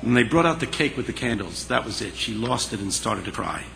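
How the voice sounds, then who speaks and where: Gravelly forceful guy telling a story, big echoey hall, bit of hiss. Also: on the low side, brisk. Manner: animated, dramatic storyteller. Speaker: speaker. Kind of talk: storytelling speech. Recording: long hall reverb, faint hiss.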